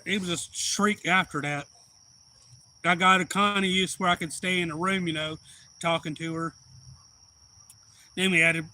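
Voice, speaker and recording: A man's voice: high voice, moderate pace, pauses often, poor audio. A man casually telling a rambling family story on a live stream, acting out other people's lines as he goes. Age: adult father. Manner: rambling, animated retelling with quoted voices. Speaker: outdoors channel host.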